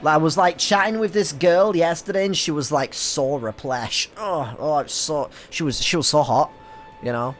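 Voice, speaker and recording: A young British man giving casual, excitable commentary while playing a game, swearing often and stumbling over his words. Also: a little high, normal speed, soft background music. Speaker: gaming streamer. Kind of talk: casual let's-play commentary.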